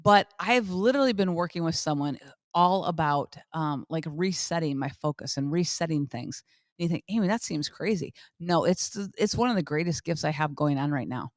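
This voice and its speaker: A woman's voice: low voice, expressive, normal speed, no echo, clean studio sound. A middle-aged woman hosting a motivational podcast, talking emphatically and repeating phrases for effect. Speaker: podcast host.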